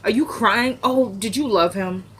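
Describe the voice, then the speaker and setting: A woman's voice: mid-range voice, a little slow, breathy edge. A woman voicing a spiteful young man who mockingly taunts his jailed mother. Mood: gloating. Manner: mocking, gloating.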